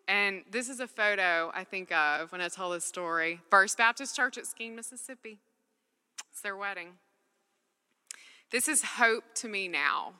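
A woman's voice: medium pitch, pushed and bright. A woman giving an earnest, conversational faith talk from a stage, full of casual "like" fillers. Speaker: speaker at a faith gathering. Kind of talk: personal testimony talk. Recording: long reverb in a large hall.

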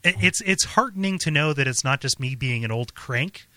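A man co-hosting a chatty podcast, his pitch bouncing all over as he trips and restarts his sentences. His tone is bright and forward, and the sound is close and dry. He laughs easily between thoughts. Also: expressive, normal speed, no echo. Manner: stammering, repeats words, laughs often. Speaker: podcast co-host. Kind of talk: casual chat.

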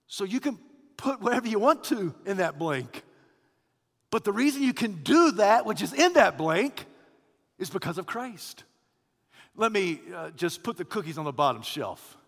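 A man's voice: fairly high pitch, very animated, unhurried, a bit bright, long reverb tail. A man preaching a sermon as pastor, with a rhythmic, repetitive cadence.

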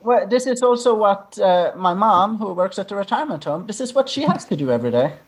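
A woman co-hosting a chat show, speaking calmly and wrapping things up. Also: medium pitch, fairly quick, slightly rough. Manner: calm, wraps up the show. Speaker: co-host. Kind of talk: casual chat.

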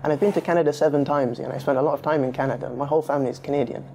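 A man's voice: fairly high pitch, steady tone, racing, vocal fry, dark tone. A man in his twenties answering interview questions in a subdued, hesitant way. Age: 20s.

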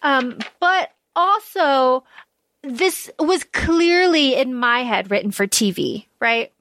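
A woman co-hosting a podcast, chatting casually about a story with lots of fillers and lively retelling. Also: sits high, slow, slight background noise. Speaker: podcast co-host. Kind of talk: casual book discussion.

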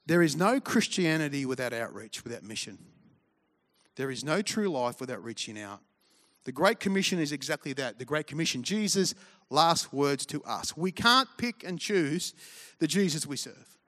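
A pastor delivers a sermon in a fairly high-pitched male voice. He talks in a relaxed, conversational way, mixing humor and stories into his preaching. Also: normal speed. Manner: conversational and humorous, with storytelling asides.

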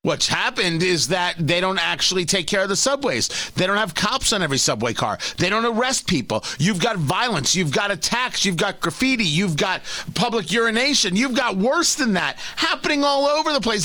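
A man from New Jersey hosting a talk radio show, with sarcastic, animated commentary. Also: high voice, normal speed, few pauses, no room sound.

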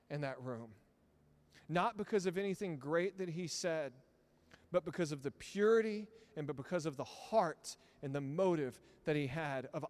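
Man preaching with rising fervor. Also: fairly high pitch. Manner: dynamic preaching, swinging between hushed storytelling and loud emphatic peaks. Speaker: pastor. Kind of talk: sermon. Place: church sanctuary.

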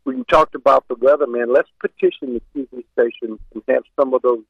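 Husky older man calling in by phone. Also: medium pitch, fairly quick, dry recording. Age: 60s. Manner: joking, blunt. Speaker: caller. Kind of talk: casual call-in chat. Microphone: telephone. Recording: phone line.

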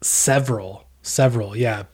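A man co-hosting a podcast in casual chat, telling a travel story with deadpan jokes and a rambling manner. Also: medium pitch, a little slow, husky. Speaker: podcast co-host.

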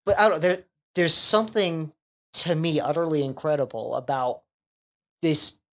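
A woman chatting as a guest on a casual podcast, with a fairly low voice. She talks haltingly and restarts often as she works out her thought. She swears casually along the way. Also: animated.

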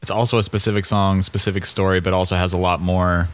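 Podcast co-host, male, low voice, dry teasing humor. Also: little pitch movement, quick pace. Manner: wry, teasing. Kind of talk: casual chat.

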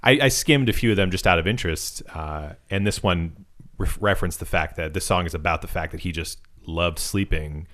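A man's voice: sits low, fairly quick, a bit bright. A man in casual podcast chat about music, laughing often and trailing off into restarts. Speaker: podcast co-host.

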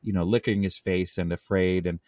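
A man's voice: low voice, steady tone, moderate pace, darkish tone, no room sound. A man co-hosting a podcast, telling a rambling, self-interrupting story in casual chat. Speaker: podcast co-host.

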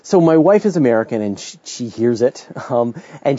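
A middle-aged man with a Canadian accent talks through listener questions in a relaxed, off-the-cuff way, often restarting his sentences and adding asides. His voice is mellow and dark, recorded close and dry, with a slightly dull, lo-fi sound. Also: mid-range voice, moderate pace, no echo. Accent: Canadian English. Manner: chatty, thinks aloud with restarts and asides. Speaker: podcast host answering listener questions. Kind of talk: casual explanatory talk.

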